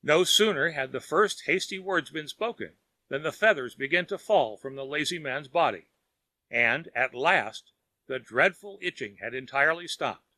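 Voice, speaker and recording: A man narrating a children's audiobook in a measured storytelling manner. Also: a little high, pushed and bright, no room sound.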